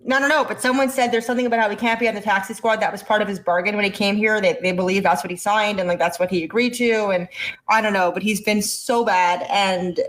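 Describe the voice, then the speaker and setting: A young woman from the Montreal area co-hosting a podcast, talking in a casual, animated, exasperated way. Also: medium pitch, fast. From Montreal area, Canada. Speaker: podcast co-host. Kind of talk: casual chat.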